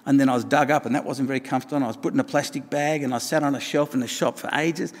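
A man's voice: medium pitch, fairly even intonation, rapid-fire, big-room sound, natural voice. A man voicing a dramatic talking clay cup. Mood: rueful. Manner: dramatic storytelling, cries out and whispers. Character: talking clay cup recalling its painful making.

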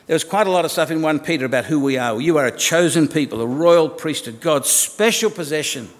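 A man's voice: a little high, expressive, a little fast. Man preaching in a reverberant hall. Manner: conversational, asks the congregation rhetorical questions. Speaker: pastor. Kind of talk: sermon.

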